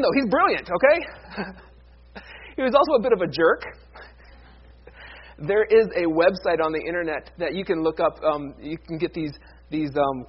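A male pastor with a high, husky voice delivers a sermon. He swings from loud, emphatic declarations to soft, hushed lines. The recording is dull and lo-fi.

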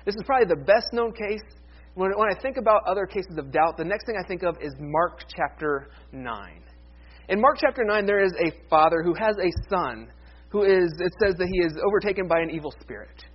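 High-voiced man preaching a sermon. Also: a little fast, breathy edge, highs cut off. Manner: conversational, animated, with playful paraphrases. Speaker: pastor.

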